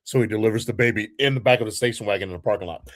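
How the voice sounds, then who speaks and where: A man's voice: on the low side, very fast. A man co-hosting a casual podcast, telling a story with lots of swearing. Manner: lively storyteller, swears freely. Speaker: podcast co-host. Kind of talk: casual chat.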